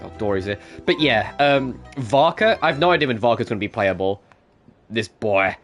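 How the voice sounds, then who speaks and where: A man's voice: mid-range voice, expressive, moderate pace, a bit bright. A man streaming a video game with casual commentary, chatty, laughing and swearing freely. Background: game music.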